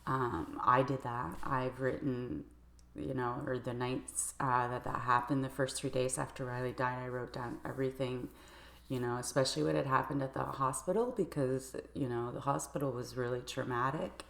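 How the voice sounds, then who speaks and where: A woman giving a personal account to camera in a measured, halting way. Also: rumbling low, fairly even intonation, creaky. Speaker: video creator. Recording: roomy echoey room.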